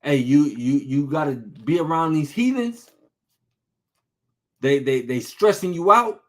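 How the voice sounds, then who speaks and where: A man's voice: on the high side, animated, unhurried. A man preaching an informal sermon, talking conversationally, repeating phrases for emphasis and asking rhetorical questions.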